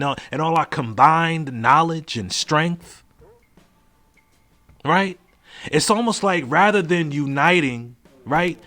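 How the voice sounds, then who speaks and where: A man hosting a solo podcast, ranting bluntly and swearing freely as he fires off one rhetorical question after another. His voice sits a bit higher than most men's, and he drops low and mutters his asides. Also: fairly bright tone. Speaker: podcast host.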